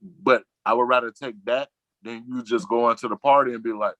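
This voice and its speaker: A man, chatting casually as a talk-show guest, rambling and slangy, acting out quoted friends in a lower voice. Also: fairly even intonation, brisk, fairly bright tone, dry recording, muffled recording. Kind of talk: casual chat.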